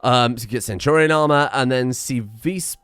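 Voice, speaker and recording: A man's voice: mid-range voice, brisk, fairly bright tone, smooth, dry recording. A man hosting a let's play, rambling and self-mocking with plenty of swearing. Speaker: gaming channel host.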